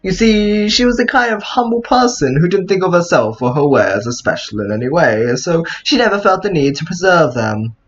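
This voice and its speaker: Man voicing a snobby dragon confectioner, fussy connoisseur, high voice, dull lo-fi sound, swings all over. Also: animated, slight background noise, lightly acted. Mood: proud. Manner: reads slowly in a raised put-on voice. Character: fussy male dragon ice cream maker, snobbish connoisseur.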